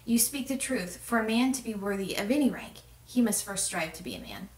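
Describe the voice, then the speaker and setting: A woman's voice: mid-range voice, a little fast, natural voice. A woman voicing an earnest, solemn young male hero, in a roomy, distant recording. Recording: roomy echo, distant mic.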